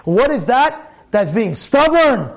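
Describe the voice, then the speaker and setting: A rabbi preaches on the weekly Torah portion, very animated yet slow, with vocal fry. He is emphatic, repeating phrases, asking rhetorical questions, and swinging between loud outbursts and low asides.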